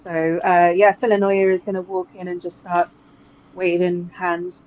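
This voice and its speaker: A woman's voice: fairly low pitch, little pitch movement, normal speed. Woman player over dull call audio. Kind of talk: playing a character at a tabletop game.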